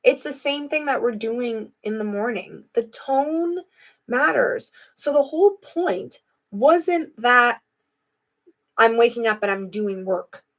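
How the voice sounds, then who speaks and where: A woman's voice: on the high side, lively intonation, slow. A young adult woman hosting a live video, talking casually and reflectively to her viewers. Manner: chatty, reflective, addresses viewers directly. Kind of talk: casual live-stream talk.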